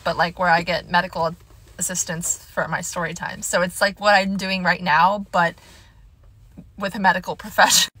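A woman's voice: lowish voice, little pitch movement, pushed and bright, poor audio. Chatty young woman telling a story. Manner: chatty, self-deprecating, quick asides. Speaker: TikTok storyteller. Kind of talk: casual storytime vlog. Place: parked car in the rain. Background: faint rain ambience.

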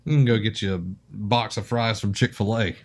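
A man's voice: lowish voice, fairly even intonation, fairly quick. A man co-hosting a casual podcast, joking around and reading ad copy loosely. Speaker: podcast co-host.

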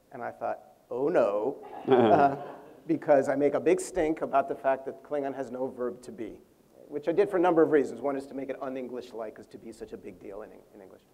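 Gravelly older man telling a stage anecdote. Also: mid-range voice. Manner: animated storyteller, laughs often, acts out quotes. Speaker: interview guest, language creator. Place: convention panel room.

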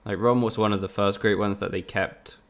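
Gravelly, low-voiced man streaming games. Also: fairly even intonation, a little fast. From Spain. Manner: chatty, swears freely, banters with chat. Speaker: game streamer. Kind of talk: casual live-stream commentary.

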